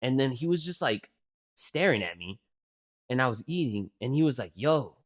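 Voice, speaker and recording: A man's voice: medium pitch, normal speed. A man in his twenties, a podcast co-host, telling rambling, profane stories in casual chat, full of fillers. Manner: rambling, profane, animated storytelling with many fillers.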